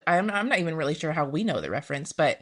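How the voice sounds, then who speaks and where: A woman hosting a podcast in a chatty, relaxed interview. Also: low voice, fast talker. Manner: chatty, reacts with gasps and laughs. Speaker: podcast host. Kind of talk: casual interview chat.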